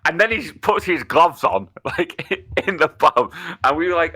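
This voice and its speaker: Bright-voiced lad, swearing freely. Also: male voice, a little high, lively intonation, a little slow, husky. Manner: swearing, laughing, stammering restarts. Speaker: podcast co-host. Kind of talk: casual chat.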